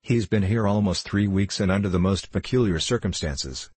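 A man's voice: deep voice, moderate pace, a little mellow, slightly rough, dry recording. A man reading as a sly, knavish gossip who drops news casually.

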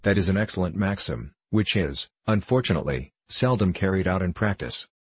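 A man's voice: low-pitched, lively intonation, brisk, slightly rough, no echo. A man reading the part of a shrewd, ironic grown male musketeer in an audiobook, politely dry in manner. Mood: wry.

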